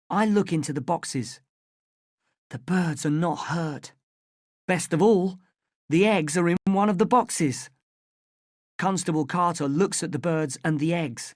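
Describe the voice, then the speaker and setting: A woman reading a first-person children's story aloud, clearly and carefully, for language learners. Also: on the low side, measured pace, pauses often, no echo, clean studio sound. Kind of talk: slow graded-reader story narration.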